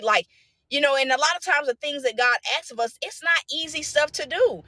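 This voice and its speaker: High-pitched young woman, bright voice, animated live talk, dry close sound. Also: a little fast, no echo. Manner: animated, preachy, rhetorical questions, slangy. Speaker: vlogger sharing a faith message. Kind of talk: casual live talk to viewers.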